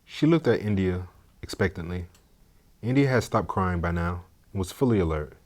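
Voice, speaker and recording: Deep-voiced male storyteller. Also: animated, normal speed, darkish tone. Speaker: narrator. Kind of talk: scripted story narration.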